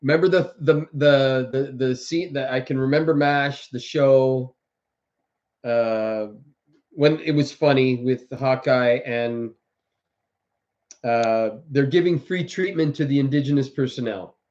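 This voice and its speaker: A man's voice: mid-range voice, unhurried, a little mellow. A man hosting a casual livestream, rambling through political commentary with many restarts and mocking quoted voices. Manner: mocks others with exaggerated quoted voices. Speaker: livestream host. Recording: dull lo-fi audio.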